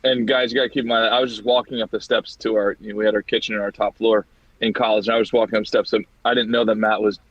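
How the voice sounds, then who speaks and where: A young man co-hosting a podcast in casual chat, telling stories in an animated, easily amused way. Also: fairly low pitch, fast talker, no room sound. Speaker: podcast co-host. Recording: dull, dry sound.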